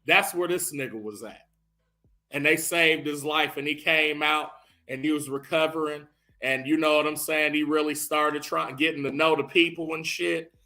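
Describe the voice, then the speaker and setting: A man recapping a movie as casual comedy, telling it in a profane, animated way with rising bursts. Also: on the high side, normal speed.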